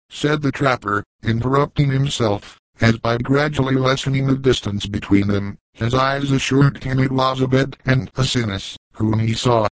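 A man's voice: mid-range voice, fairly even intonation, moderate pace, few pauses, no echo, low-quality recording. Man narrating an audiobook, dry. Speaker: audiobook reader.

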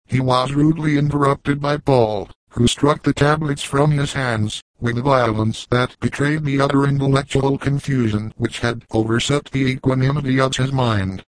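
A man narrating a classic novel in a measured, even reading. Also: mid-range voice, no echo, low-quality recording. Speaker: audiobook narrator.

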